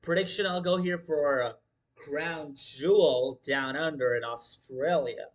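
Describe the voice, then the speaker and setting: A man's voice: fairly high pitch, measured pace. A man hosting a wrestling livestream in casual commentary, talking emphatically with lots of swearing and repeating his points. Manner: profane, emphatic, repeats himself.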